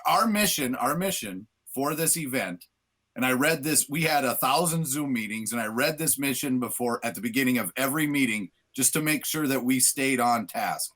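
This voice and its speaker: A man's voice: mid-range voice, a bit bright. A man, a guest on a podcast as event chair, who talks earnestly and repeats words as he starts. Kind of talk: casual conversational interview.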